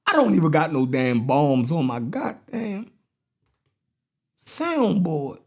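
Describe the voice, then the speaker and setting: Woman, podcast host, slow deliberate pace, swearing asides. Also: sits low, breathy edge. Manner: profane, animated, laughing asides. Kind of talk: live commentary and reading a speech aloud.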